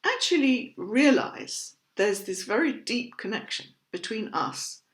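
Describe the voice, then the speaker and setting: A woman teaching about Buddhism in a measured, thoughtful educational talk, patiently explaining terms. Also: a little high, sing-song. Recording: roomy echo.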